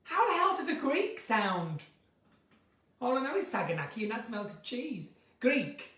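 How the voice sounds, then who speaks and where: A woman's voice: fairly high pitch, sing-song, normal speed, a bit bright, distant mic. A woman hosting an unscripted live stream chat, playful and chatty, reading viewers' comments aloud. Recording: roomy sound from a mic set back.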